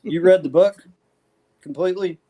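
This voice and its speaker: Halting man with a slightly high voice. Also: warm tone. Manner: halting, many fillers. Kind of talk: casual interview chat.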